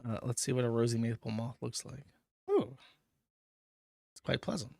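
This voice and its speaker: A man's voice: mid-range voice, lively intonation, normal speed, creaky, darkish tone, no room sound, clean studio sound. Profane rambling male livestream host. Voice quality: rambling, profane, laughs often. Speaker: livestream host reading paid chat messages. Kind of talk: casual livestream chat.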